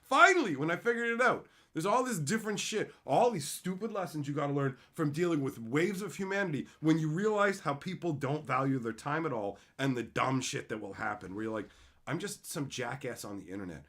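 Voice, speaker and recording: Animated, foul-mouthed man ranting. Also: fairly high pitch, brisk, few pauses. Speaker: card-opening show host. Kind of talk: casual livestream chat.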